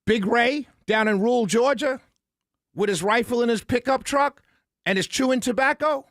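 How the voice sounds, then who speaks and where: A man's voice: extremely high pitch, moderate pace, a bit bright, dry recording, studio quality. A man hosting a political commentary, ranting off the cuff with incredulous, exasperated outbursts, stammering repetitions and scoffing laughs.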